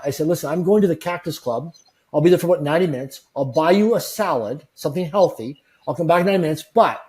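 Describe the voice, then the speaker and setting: A man's voice: fairly high pitch, darkish tone. A man telling motivational stories as an interview guest, earnest and emphatic, repeating key phrases and acting out quoted dialogue. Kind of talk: motivational storytelling.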